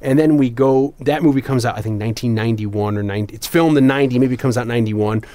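Podcast co-host, man, mid-pitched, loose and rambling storyteller. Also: fast talker, dry recording. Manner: rambling, animated storytelling with frequent fillers. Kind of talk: casual chat.

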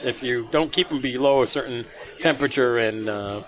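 A man's voice: mid-range voice, a little fast, fairly bright tone. A man explaining things in a matter-of-fact way during casual chat as a podcast co-host.

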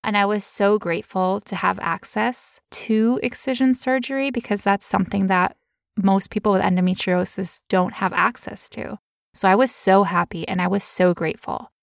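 A woman's voice: medium pitch, moderate pace, vocal fry, no room sound, studio quality. A woman telling a personal story in casual chat, candid and emotional, now and then putting on playful voices.

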